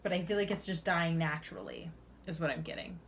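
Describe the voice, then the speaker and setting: A woman's voice: low-pitched, very animated, fairly quick, vocal fry, slight background noise. A young woman doing a tarot reading to camera, earnest and chatty, sighing now and then between cards. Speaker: tarot reader.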